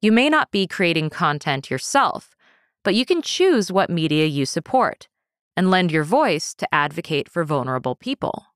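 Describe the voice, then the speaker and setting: A woman's voice: on the low side, very animated, normal speed, clear, resonant tone, no room sound, studio quality. A woman co-hosting a podcast, reading scripted narration in an earnest, direct way. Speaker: podcast co-host.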